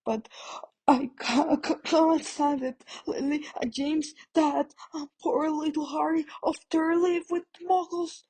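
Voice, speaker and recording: A woman voicing Hagrid, a huge, shaggy, soft-hearted male half-giant, talking in a gruff and tearful way. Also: mid-range voice, little pitch movement, moderate pace, lightly acted. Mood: sobbing.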